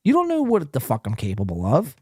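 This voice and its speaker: Profane, taunting New podcast host. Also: male voice, medium pitch, huge pitch swings, a little fast, darkish tone, no echo, studio quality. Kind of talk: live stream rant reading chat.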